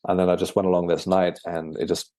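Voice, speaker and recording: A man, a guest and author, telling his story in a casual interview, halting and often repeating words. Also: low voice, little pitch movement, dark tone, no echo, clean studio sound.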